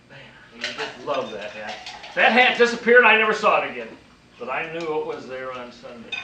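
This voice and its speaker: An older man telling a folksy personal story to an audience, animated and chuckling at his own jokes. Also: medium pitch, moderate pace, recorded from a distance, noisy background. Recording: echoey room, recorded from afar.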